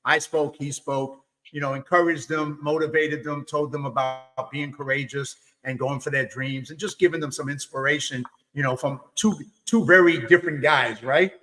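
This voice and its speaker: A man from New York hosts a video-call webinar and tells stories with animated energy. His voice sits a little high and sounds bright and forceful. He restarts his sentences often. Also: moderate pace, few pauses, low-quality recording. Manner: animated, with many restarts and "you know". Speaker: webinar host. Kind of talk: casual storytelling chat.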